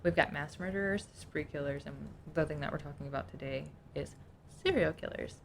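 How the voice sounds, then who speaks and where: A woman's voice: low voice, fairly quick, gravelly, a little hiss or hum. A woman co-hosting a casual podcast, reading from her notes and chatting between them. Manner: reads notes aloud, chatty, laughs easily. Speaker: podcast co-host.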